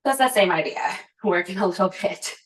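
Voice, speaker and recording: A woman's voice: mid-range voice, brisk. A woman teaching a yoga class, calling out poses and breath cues with chatty, laughing asides. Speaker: yoga instructor. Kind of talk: guided yoga class cueing. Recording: echoey room.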